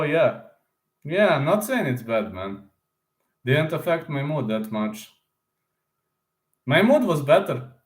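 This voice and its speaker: Rambling man chatting in echoey room. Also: medium pitch. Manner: rambling, informal, addresses listeners as "man". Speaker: YouTube channel host. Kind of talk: casual chat with viewers.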